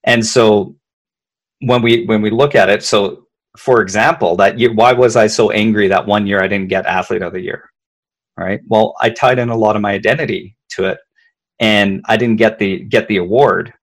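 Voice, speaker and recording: A man's voice: on the low side, fairly even intonation, moderate pace. A man, a leadership consultant, explaining emotions conversationally, often repeating words and checking in with "right?".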